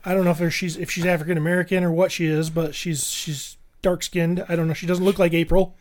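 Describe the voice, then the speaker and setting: A man with a notably high speaking voice co-hosts a loose movie review chat. He rambles, doubling up words while he hunts for the point. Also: flat delivery, fast talker, slight background noise. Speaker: podcast co-host.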